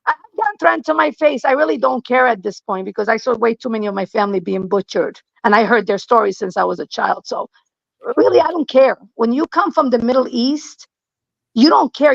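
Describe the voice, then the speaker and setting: A blunt, emphatic middle-aged woman, her voice a touch high and gravelly with fry. She talks casually and repeats her points for weight. The sound is dull and lo-fi in a dry, dead space. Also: fairly quick, no room sound. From Lebanon. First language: Aramaic. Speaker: guest. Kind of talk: casual conversation.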